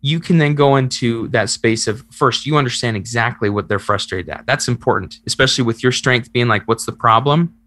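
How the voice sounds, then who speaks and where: A man's voice: medium pitch, fairly quick, few pauses, a bit bright. Earnest man explaining listening skills. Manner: earnest, explains with acted-out examples. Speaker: podcast host and relationship coach. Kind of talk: conversational coaching talk.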